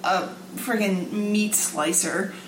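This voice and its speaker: Young female podcast co-host, halting and wry, casual chat, faint noise behind. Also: mid-range voice, poor audio. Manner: hesitant, teasing, full of fillers.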